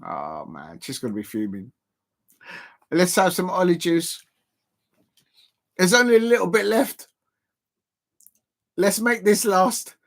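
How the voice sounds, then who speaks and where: A man's voice: high-pitched, big pitch swings, measured pace, long pauses, a bit bright. A man streaming a live football reaction, chatty and laughing, calling out his viewers. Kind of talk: live match reaction commentary.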